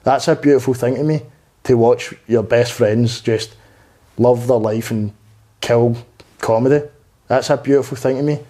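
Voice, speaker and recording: Young male comic guest, mellow low-toned voice, rambling candid chat with plenty of swearing. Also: steady tone, moderate pace. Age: 20s. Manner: rambling, earnest, peppered with swearing and "mate". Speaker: podcast guest, stand-up comedian. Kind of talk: candid conversational interview.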